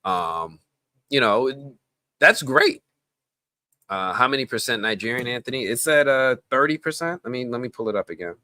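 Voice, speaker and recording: A man's voice: mid-range voice, fast, few pauses, clear, resonant tone, dry recording. A man from the Bronx hosting a live stream, chatting casually and rambling off on tangents. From the Bronx, New York. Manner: animated, rambling, goes off on tangents.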